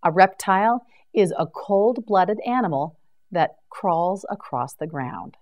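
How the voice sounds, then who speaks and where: A woman teaching English vocabulary in a slow scripted drill, enunciating each word clearly and patiently. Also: lowish voice, animated, a little mellow.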